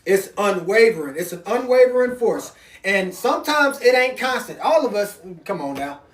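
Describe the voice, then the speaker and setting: A man's voice: high voice, sing-song, moderate pace. A man preaching an informal sermon, reading passages aloud and then explaining them in loose, conversational talk with sudden emphatic rises. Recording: roomy, distant sound.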